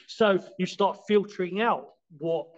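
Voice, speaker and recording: A man being interviewed as a martial arts teacher on a podcast. He explains in a halting way, with many restarts and fillers, and acts out scenes as he goes. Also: high voice, highs cut off.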